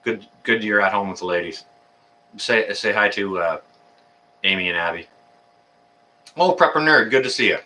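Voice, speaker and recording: A man hosts a relaxed live stream in a fairly low, sharp voice at normal speed, pausing often, with slight background noise. He greets viewers by name and rambles on in friendly, filler-laden banter. He's positioned a bit away from the microphone.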